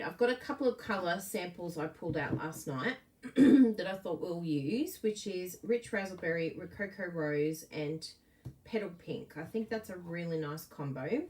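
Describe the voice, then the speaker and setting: A woman's voice: on the low side, darkish tone, recorded from a distance, slight background noise, rough recording. A woman giving a live card-making demo, bubbly and gushing, chatting to viewers between steps.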